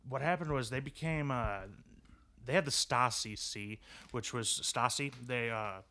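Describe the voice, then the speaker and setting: A man's voice: mid-range voice, measured pace, pushed and bright. A young man co-hosting a casual podcast, rambling through stories with frequent laughter and swearing. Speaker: podcast co-host.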